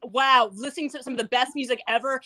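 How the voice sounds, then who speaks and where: A woman's voice: sits high, steady tone, quick pace, crowd noise. Chatty young woman doing stand-up. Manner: chatty, rambling, laughs at own jokes. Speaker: stand-up comedian. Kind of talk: stand-up comedy set.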